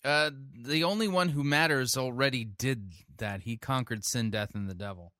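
A man's voice: medium pitch, normal speed, pushed and bright, dry recording, faint music behind. A man interrupting a sermon clip with dry, sarcastic, scolding commentary. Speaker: podcast host critiquing a sermon. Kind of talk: sardonic commentary.

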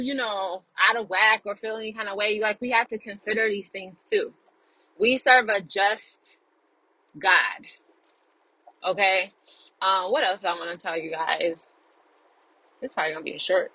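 A young woman speaks straight to her viewers about faith in an earnest, encouraging way, often repeating herself and tossing in "right?" and "okay?". Her voice is bright and a little husky, sitting slightly high, and the recording is dry and close. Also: no room sound, low-quality recording. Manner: earnest, encouraging, repeats phrases with many tag questions. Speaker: Christian video creator. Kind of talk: casual faith talk to viewers.

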